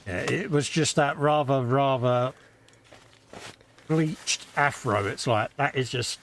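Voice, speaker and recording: A man's voice: medium pitch, takes it slowly, fairly bright tone, a little hiss or hum. A man co-hosting a casual live stream, laid-back and matey, often agreeing with his partner. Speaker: co-host of a modelling stream.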